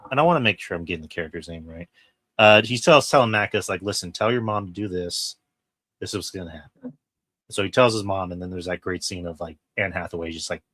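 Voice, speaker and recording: A man co-hosting a podcast, chatting casually and excitedly about a film, swearing freely and acting out quoted lines. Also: low voice, dry recording. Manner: excited, profane, retells scenes with quoted lines. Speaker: podcast co-host. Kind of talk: casual film review chat.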